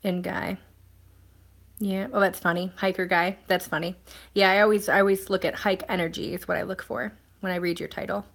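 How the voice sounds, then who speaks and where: A woman's voice: mid-range voice, little pitch movement, brisk, creaky, fairly bright tone. A woman hosting a casual live stream, chatting and answering viewer comments in a rambling way with plenty of ums and restarts.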